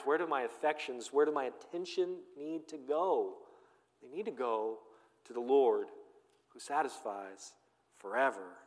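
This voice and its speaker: A man preaching a sermon as pastor, emphatic, swinging between loud declarations and hushed, tender lines. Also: medium pitch, long reverb tail.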